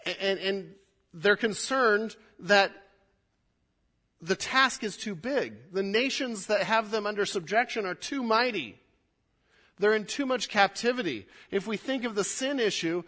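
A male pastor teaching a sermon through scripture, starting over on words and swinging from emphatic to soft. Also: high-pitched, moderate pace. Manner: expository, with repeated restarts, rising emphatic then dropping quiet.

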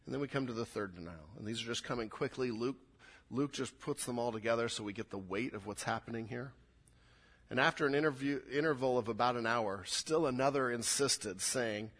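A man's voice: medium pitch, brisk, sharp tone. A man preaching a sermon, acting out quoted lines with rising intensity. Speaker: pastor.

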